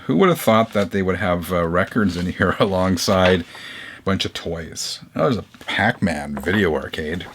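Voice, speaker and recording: Deep-voiced chatty male vinyl vlogger. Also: normal speed, slight background noise. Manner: chatty, animated, reacts with surprise. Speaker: vinyl channel host. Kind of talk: casual vlog chat. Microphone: camera mic, leans toward camera.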